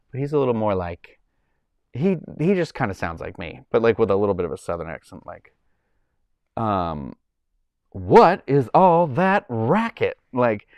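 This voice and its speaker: A man's voice: medium pitch, clear, resonant tone, no echo. A man hosting a casual livestream from home, rambling loosely with lots of likes and ums. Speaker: livestream host. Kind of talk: casual chat.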